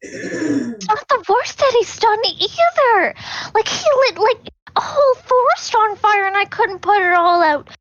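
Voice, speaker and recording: A woman's voice: very high-pitched, measured pace, dull audio. A woman playing a tabletop game, talking casually and animatedly about her character. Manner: animated, chatty. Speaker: player.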